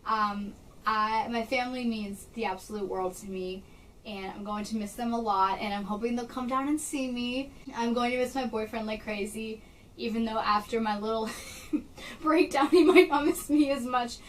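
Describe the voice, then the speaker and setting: A young woman in her bedroom chatting excitedly to camera for her vlog channel. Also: fairly high pitch, moderate pace, distant mic, slight background noise, rough recording. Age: young adult. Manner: bubbly, excited, gushing. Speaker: vlogger. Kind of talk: casual chat to camera.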